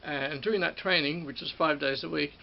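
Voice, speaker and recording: Speaking in a brisk, creaky voice on the high side, an Australian man in middle age looks back on his former work running rides. His reminiscence is casual and rambling, full of repetition and self-correction, captured in dull audio with a faint hiss.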